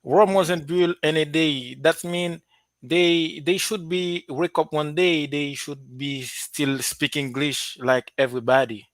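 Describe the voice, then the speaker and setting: A man's voice: a little high, steady tone, slow pace, dry recording. A man with a Haitian accent, a student who serves as translator, earnestly advising classmates with proverbs.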